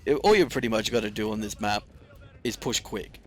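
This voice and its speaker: A man's voice: fairly low pitch, fairly quick, fairly bright tone. A young man giving rambling, casual commentary over gameplay, swearing heavily and using slang. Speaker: gaming commentator.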